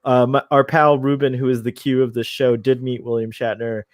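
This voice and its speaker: A man hosting a relaxed live stream, chatting with a fan's eagerness and laughing between thoughts. His voice sits at an ordinary middle pitch, and the sound is close and dry with no room around it. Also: fairly quick, no room sound. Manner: laughs often, eager fan talk. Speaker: show host. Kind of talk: casual live-stream chat.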